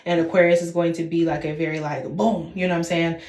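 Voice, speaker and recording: A woman's voice: lowish voice, little pitch movement, quick pace, a little mellow. Chatty young woman, echoey room. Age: 20s. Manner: chatty, addresses viewers as y'all, frequent "okay?" tags. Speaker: tarot reader. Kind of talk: casual tarot reading with candle spellwork.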